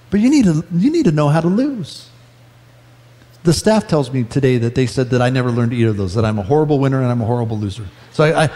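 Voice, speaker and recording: A man preaching a sermon, earnest and conversational, with self-deprecating humor, slowing down for emphasis. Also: fairly high pitch, mellow, long reverb tail. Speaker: pastor. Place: church sanctuary.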